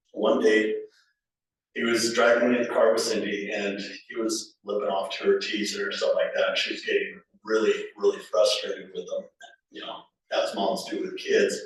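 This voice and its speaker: A man with a low voice tells family stories at a funeral, informal and anecdotal, with fillers, restarts and chuckles. The sound is very echoey, as if recorded from the back of a funeral home chapel. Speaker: family member giving a eulogy. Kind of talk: funeral eulogy, storytelling. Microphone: distant from the recording microphone. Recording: echoey room recorded from far off.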